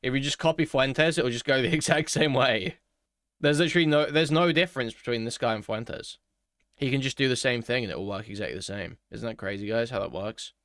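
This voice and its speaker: A man's voice: mid-range voice, brisk, a bit bright, no room sound, clean studio sound. A man doing mocking reaction commentary, sarcastic and incredulous. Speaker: commentary streamer.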